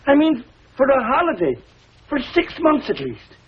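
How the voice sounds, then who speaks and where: Older Irish tailor, high husky brogue, dull old TV sound. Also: male voice, wildly swooping pitch, normal speed, full character voice. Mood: wistful, coaxing. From Ireland. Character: lonely, warm-hearted older Irish tailor, man. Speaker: visiting cousin, a tailor. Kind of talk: 1950s TV sitcom acting. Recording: dull lo-fi 1950s TV audio.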